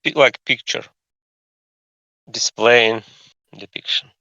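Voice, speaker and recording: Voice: mid-range voice, slow, sharp tone, no echo. A book club moderator on a voice call, explaining word meanings with hesitant restarts. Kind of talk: casual discussion on a voice call. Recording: dull lo-fi voice call.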